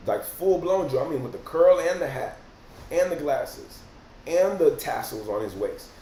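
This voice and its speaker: A man, hosting a casual livestream and reacting to viewer comments in animated, profane slang. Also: on the high side, normal speed. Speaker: rapper and livestream host. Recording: roomy echo, faint noise.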